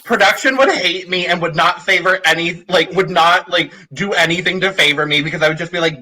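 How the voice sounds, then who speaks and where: Man, high voice, bright tense tone, candid casual podcast chat. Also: brisk, hardly any pauses, rough recording. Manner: candid, frank complaining. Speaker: podcast co-host.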